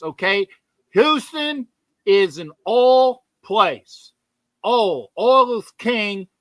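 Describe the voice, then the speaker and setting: Man doing a bragging Texas oil type, high, slow drawl, dry sound. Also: a bit bright, no room sound, exaggerated voice.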